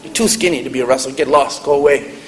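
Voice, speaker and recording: A man's voice: medium pitch, fast talker, voice pushed down, close to an everyday voice. Guy doing a curt dismissive coach, clipped, echoey hall w faint noise. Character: gruff dismissive male wrestling coach.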